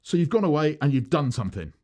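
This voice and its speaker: A man's voice: on the high side, fast talker. A man, an accountant talking straight to camera about business, who acts out small back-and-forth scenes. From United Kingdom. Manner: animated, acts out little dialogues with changing voices. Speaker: accountant giving business advice. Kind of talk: direct-to-camera advice video.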